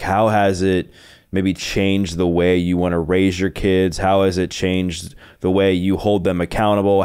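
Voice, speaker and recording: A man's voice: low voice, darkish tone, smooth. A man hosting a podcast, asking earnest, probing questions. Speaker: podcast host. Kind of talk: interview questions.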